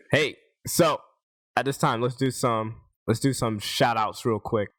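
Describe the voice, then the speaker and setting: A man's voice: mid-range voice, a little slow, fairly bright tone. A man hosting a casual podcast, thanking guests and rambling through plugs with lots of fillers. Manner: loose, rambling, jokey, with many fillers. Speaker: podcast host.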